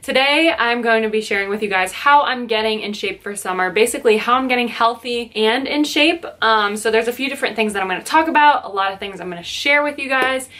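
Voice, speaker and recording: A woman's voice: a little high, a little fast, few pauses, fairly bright tone. Upbeat chatty young woman vlogging. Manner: chatty and upbeat, many fillers. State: slightly out of breath. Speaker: lifestyle vlogger. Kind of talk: casual vlog talk to camera. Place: her bedroom at home.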